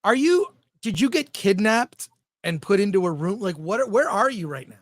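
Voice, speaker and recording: A man hosting a podcast, chatting casually with a lively, jokey, announcer-like delivery. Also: sits high, moderate pace, no room sound, studio quality. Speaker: podcast host. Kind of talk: casual show chat.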